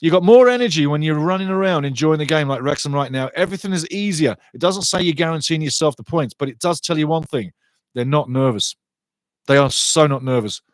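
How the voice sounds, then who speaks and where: A middle-aged man calling a football match live for his viewers, chatty and excitable, climbing higher and louder when an attack builds. His voice sits a little high for a man. It is recorded close and dry, with no room sound. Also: brisk, no room sound. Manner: excitable, chatty, rises in pitch and volume on attacking play. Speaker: watchalong commentator and host. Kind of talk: live fan commentary with chat reading.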